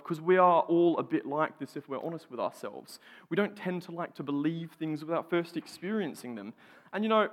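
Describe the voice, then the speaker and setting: Young Aussie preacher, lively storyteller who trips over his words, a touch high, in a big echoing hall. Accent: Australian. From Australia. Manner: animated storytelling with frequent stammered restarts and laughs. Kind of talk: sermon with personal story. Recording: long hall reverb.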